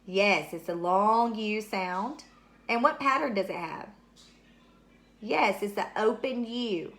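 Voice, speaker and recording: A woman teacher talks to young children through a recorded video lesson, her voice bright and clear. She paces herself patiently, posing questions and then confirming the answers as if the class had replied. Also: medium pitch, slow pace. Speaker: third grade teacher.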